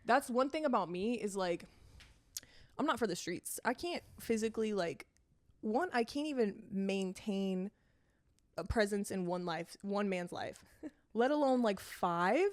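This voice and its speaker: A woman's voice: mid-range voice, expressive, a little slow. A young woman in her twenties co-hosting a podcast, talking candidly about dating, swearing and poking fun at herself. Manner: candid, swearing, self-mocking. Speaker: podcast co-host. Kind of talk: casual chat.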